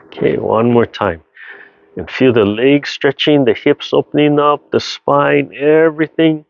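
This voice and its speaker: A man teaching a seated tai chi and qigong class over a video call, giving slow, gentle instructions with sighing breaths. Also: mid-range voice, expressive, gravelly, highs cut off, slight background noise. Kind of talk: guided seated exercise class.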